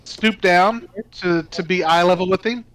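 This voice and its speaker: A man's voice: high-pitched, unhurried, a bit bright, poor audio. A man playing a tabletop role-playing game, answering in character in a direct, matter-of-fact way. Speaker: player. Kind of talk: casual tabletop play.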